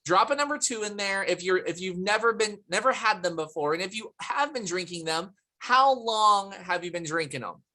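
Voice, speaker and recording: On a video call picked up by her computer mic, a woman hosts an upbeat live product presentation, chatting, laughing a lot, and calling out viewers from the chat by name. Her medium-pitched voice is expressive, bright, and pushed, moving at a moderate pace with barely any pauses.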